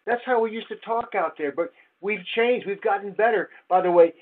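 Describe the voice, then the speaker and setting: A man's voice: high-pitched, normal speed. An older man, a safety researcher, giving a wry slide presentation full of rhetorical questions. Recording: tinny phone-like audio.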